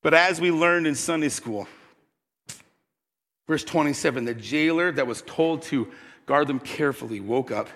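Bright-voiced preacher in a reverberant hall. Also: male voice, a little high, normal speed, pauses often. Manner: animated storytelling, building to loud peaks. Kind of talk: sermon.

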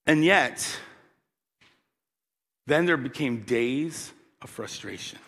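A man preaching a sermon, telling the story with animated energy that builds to loud peaks. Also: medium pitch, slow pace. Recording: long hall reverb.

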